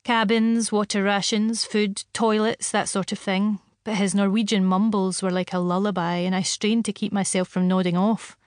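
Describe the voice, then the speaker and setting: Brief: female narrator, steady wry first-person read, dry studio sound. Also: mid-range voice, moderate pace, few pauses, no echo. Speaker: audiobook narrator.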